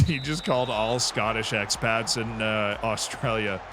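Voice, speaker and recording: A man's voice: fairly low pitch, measured pace, bright, forceful tone, soft background music. A man streaming a football management game, chatting casually, reacting to the match and answering his chat. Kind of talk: live gameplay commentary.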